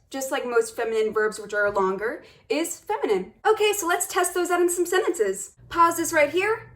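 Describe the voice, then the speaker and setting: A young woman teaching a casual video language lesson, upbeat and encouraging, talking straight to her viewers. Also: high voice.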